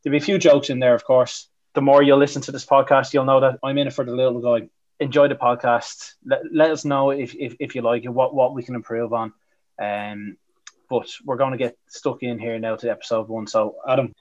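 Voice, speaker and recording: A man's voice: mid-range voice, level tone, fairly quick. A man co-hosting a podcast, easygoing and lighthearted. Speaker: podcast co-host. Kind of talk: casual podcast chat. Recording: dull, lo-fi sound.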